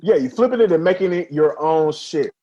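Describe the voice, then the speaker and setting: Podcast co-host, male, husky higher voice, animated storyteller who acts out what others said. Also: a little fast, dull audio. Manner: animated storyteller, acts out quotes, laughs often. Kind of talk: casual wrestling chat.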